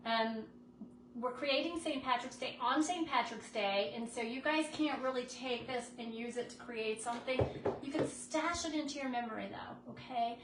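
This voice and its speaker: A woman's voice: a little high, normal speed, distant mic. A woman chatting casually with viewers while she crafts, greeting them by name. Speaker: craft livestream host. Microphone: phone on a stand. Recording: echoey room, noisy phone audio.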